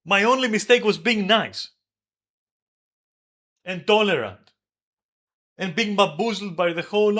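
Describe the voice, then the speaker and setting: A man streaming an angry, profane rant about his old flatmate, yelling at times. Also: sits high, measured pace, pauses often. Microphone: desk microphone.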